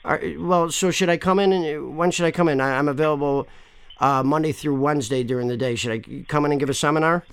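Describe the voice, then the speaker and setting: A man rambles through a prank phone call, pushy and quick to swear. His voice sits a little high, and the sound is dry and close. He keeps pressing the person on the line. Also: clear, resonant tone, no room sound. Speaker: caller complaining to a store.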